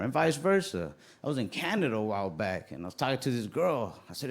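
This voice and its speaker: A young man from Texas doing a stand-up comedy routine, telling stories in a laid-back way and acting out the voices of the people in them. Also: mid-range voice.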